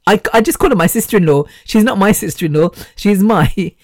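A woman's voice: mid-range voice, brisk, darkish tone, dry recording. A woman with a middling voice rambles through a casual podcast monologue. She laughs at herself, loses her train of thought and wanders off topic. The recording is close and dry. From United Kingdom. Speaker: podcast host.

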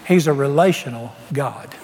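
A man's voice: medium pitch, normal speed, a little mellow, big-room sound. A man preaching a sermon, telling his story in a folksy way and acting out the dialogue.

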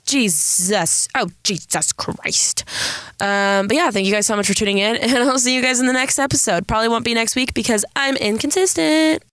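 A woman's voice: fairly high pitch, quick pace, hardly any pauses, fairly bright tone, no echo, clean studio sound. A young woman from San Diego hosting a casual solo podcast, with a Valley girl-sounding voice, rambling and self-deprecating. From San Diego, California. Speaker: podcast host.

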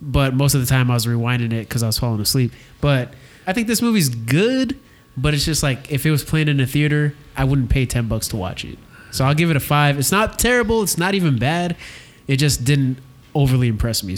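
A man's voice: medium pitch, expressive, fairly quick. A man hosting a casual movie podcast, leading the segments and giving blunt opinions. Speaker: podcast host. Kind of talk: casual movie review chat.

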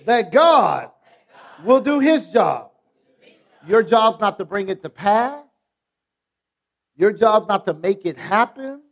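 A male pastor with a notably high voice delivers a sermon in a church. He preaches emphatically in a rhythmic style, repeating phrases and calling on the congregation to say them back. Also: fairly bright tone. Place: church sanctuary.

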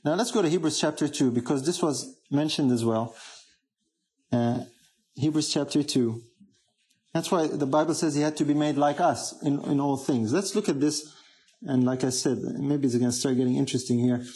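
A man's voice: a little high, normal speed, warm tone. A man preaching a sermon, emphatic, often asking the congregation questions.

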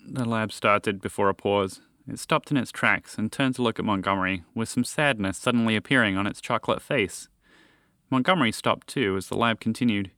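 A man hosting a story podcast, reading scripted storytelling narration in a friendly, expressive way. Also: fairly low pitch, brisk, dry recording, clean studio sound.

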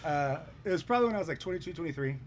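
A man's voice: a little high, rapid-fire, noisy background. A young man telling a rowdy story to friends in casual chat, swearing often. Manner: profane, animated, swears a lot. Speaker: podcast storyteller.

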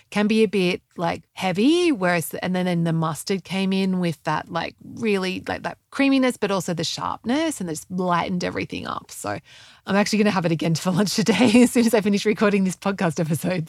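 Middle-aged woman host with a gravelly voice. Dry, close sound. Casual, rambling chat. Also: on the low side, no echo. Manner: chatty, rambling, many "like" fillers and self-corrections. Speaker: podcast host and health coach.

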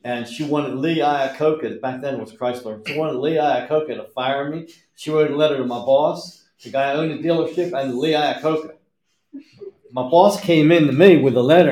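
A man's voice: medium pitch, warm tone. A man telling plainspoken stories from his working years in casual podcast chat. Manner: plainspoken, tells stories with quoted dialogue. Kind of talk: casual storytelling. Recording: roomy echo.

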